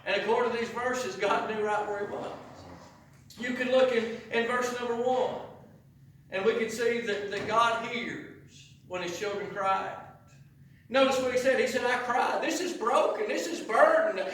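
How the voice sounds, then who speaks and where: A man preaching a sermon as pastor, rising to impassioned shouts and dropping low again. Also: steady tone, moderate pace. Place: church sanctuary. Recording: echoey church from far off.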